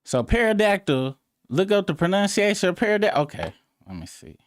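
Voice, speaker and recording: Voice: mid-range voice, sing-song, brisk, dry recording, studio quality. A live-stream host in casual, profane, rambling chat, breaking into incredulous outbursts.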